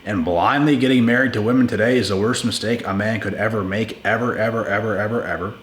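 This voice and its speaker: A man with a fairly low voice speaks bluntly and with emphasis, hammering points home by repeating words. He addresses his listeners casually, like friends. The room is echoey, with a faint hum of ambience behind him. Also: steady tone, fast talker, fairly bright tone. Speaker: channel host giving relationship advice. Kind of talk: casual advice monologue.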